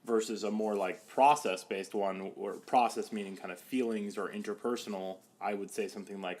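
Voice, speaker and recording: A man's voice: on the low side, fairly even intonation, normal speed, hardly any pauses, a little mellow. A young man, a psychotherapist, talking casually on a podcast, with many "like" fillers, and slipping into quoted voices now and then.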